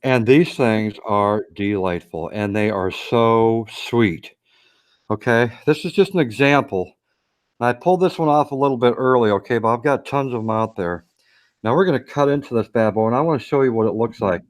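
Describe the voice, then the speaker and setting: A man's voice: mid-range voice, moderate pace. A man co-hosting a casual live stream, plain-spoken and enthusiastic, often tagging "okay?" onto what he says. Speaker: co-host.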